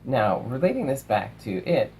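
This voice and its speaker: A young man casually reviewing films, animated, swearing and acting out lines from movies. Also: medium pitch, moderate pace, slight background noise, rough recording. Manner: animated, swears, acts out quotes. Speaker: film reviewer.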